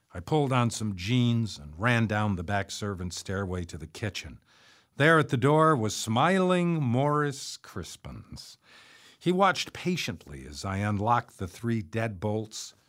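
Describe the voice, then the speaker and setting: A man narrating his memoir in a measured, reflective storytelling manner. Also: fairly low pitch.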